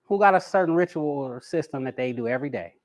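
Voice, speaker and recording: A man teaching a live personality class in a lively way, talking straight to his audience. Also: medium pitch, quick pace. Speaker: personality coach.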